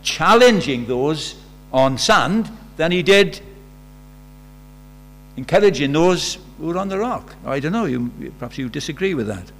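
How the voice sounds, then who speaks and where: An unhurried preacher with a high-leaning, fairly bright voice and lively intonation delivers a conversational sermon. He puts rhetorical questions to the congregation over a faint mains hum.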